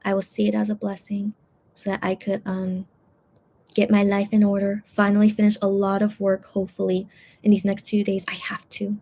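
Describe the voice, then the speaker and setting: A woman's voice: mid-range voice, monotone, dark tone. A woman chatting on a casual livestream, rambling with many fillers and confiding her feelings to her viewers. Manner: rambling, heavy with fillers like "you know" and "like"; emotional and confiding, quick to apologise. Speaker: livestream host reading chat.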